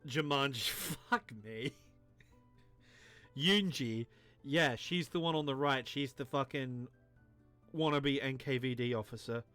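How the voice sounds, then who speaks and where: A man's voice: mid-range voice, slow pace, pauses often, sharp tone, clean tone, faint music behind. A tipsy man streaming a game, rambling, self-mocking and crude as he talks to his chat. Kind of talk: drunken game commentary.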